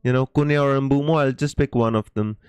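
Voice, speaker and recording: A man's voice: mid-range voice, steady tone, a little fast, darkish tone, clean tone, no room sound. A man hosting a live stream, casually answering viewer questions with many fillers and restarts and calling people mate. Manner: reads viewer comments aloud.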